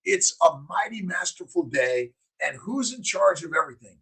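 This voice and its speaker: Man, high gravelly voice, husky, rambling live-stream host, upbeat, bursts of shouting. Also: very animated, normal speed, low-quality recording. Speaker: doctor hosting a morning live stream. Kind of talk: casual live-stream chat reading viewer comments.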